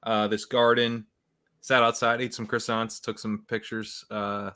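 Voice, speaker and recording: A young man talks loosely on a live stream, rambling and circling back with plenty of fillers. His voice sits fairly low but has a bright, forward edge. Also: little pitch movement, unhurried, smooth. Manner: rambling, lots of fillers and laughs. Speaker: fantasy football podcast host. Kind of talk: casual live stream chat.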